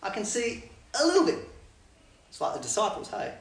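A preacher giving an animated sermon, laughing between Bible readings and acting out the confused disciples. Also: mid-range voice, a little fast, vocal fry. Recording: echoey hall, voice picked up from a distance.

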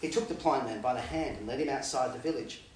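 A preacher giving an animated sermon, laughing between Bible readings and acting out the confused disciples. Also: mid-range voice, fast, slight background noise. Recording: echoey hall, voice picked up from a distance.

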